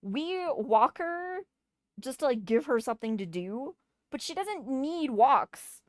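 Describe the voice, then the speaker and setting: A woman's voice: sits high, sing-song, slow, dry recording, studio quality. A woman streamer telling a storytime rant, exasperated and swearing as she mocks a neighbor.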